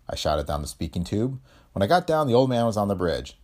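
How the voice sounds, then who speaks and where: A male narrator reading an old pulp adventure aloud. His voice sits low but moves a lot in pitch, giving the telling an animated, storytelling lift. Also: a little fast.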